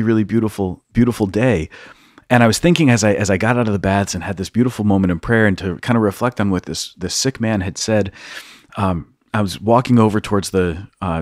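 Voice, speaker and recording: Low-voiced priest telling a lively story. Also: male voice, a little fast, no room sound, studio quality. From United States, East Coast. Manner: animated storyteller, acts out quotes, laughs often. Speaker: priest and podcast host. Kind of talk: storytelling in casual conversation.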